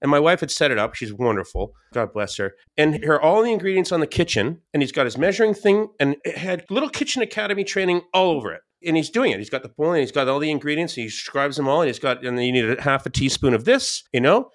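A man, a podcast guest, telling stories in a casual, animated way, with many restarts. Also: on the high side, quick pace, few pauses. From Scottish and English family. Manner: animated, quotes people in raised voices, many restarts. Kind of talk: casual storytelling.

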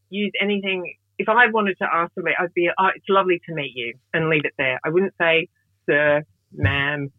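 A woman comedian from Australia chatting in an interview, lively and quick to laugh, voicing the people in her stories. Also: lowish voice, no room sound. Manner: lively, bursts into laughs and voices others. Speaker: comedian guest. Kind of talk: casual interview chat. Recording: dry, phone-like remote line.

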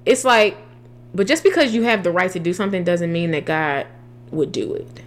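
A woman's voice: fairly low pitch, lively intonation, moderate pace. A young adult woman sharing faith advice in a casual, earnest way, with slangy phrasing and frequent restarts.

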